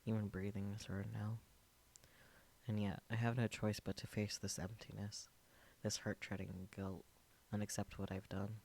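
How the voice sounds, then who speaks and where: Low voiced streamer guy reading a visual novel out loud, quiet and subdued, dry little asides. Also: flat delivery, moderate pace, creaky.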